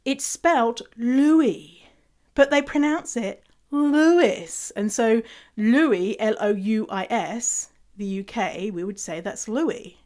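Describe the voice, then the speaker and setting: A woman's voice: mid-range voice, slow, a little mellow. Chatty English woman with a mixed accent. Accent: English, mixed with Canadian. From England. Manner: chatty, laughs often, spells out words. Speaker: podcast host. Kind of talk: casual solo podcast talk.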